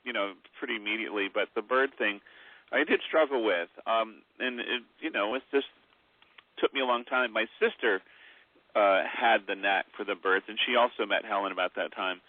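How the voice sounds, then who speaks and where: A man's voice: lowish voice, normal speed, no echo. A man, an author guest on a phone-in radio interview, telling long rambling stories with many fillers. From Mi'kmaq heritage. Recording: tinny phone line.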